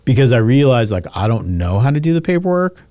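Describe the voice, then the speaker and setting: A man's voice: medium pitch, very animated, fast, dark tone, dry recording. A man in his thirties, a podcast guest, telling candid stories in a loose, casual way, full of "like" and the odd curse word. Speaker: podcast guest, real estate agent. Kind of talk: casual interview storytelling.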